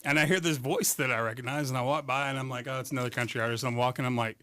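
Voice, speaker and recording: A man's voice: medium pitch, fast, sharp tone. A man hosting a radio show in a studio, joking and laughing often in casual chat. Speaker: radio host.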